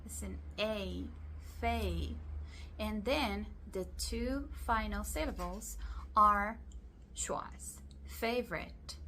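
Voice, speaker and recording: A woman with a Latin American Spanish accent, a native Spanish speaker, explaining English phonetics in a recorded lesson with careful, measured delivery. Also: mid-range voice, a bit bright, a little hiss or hum.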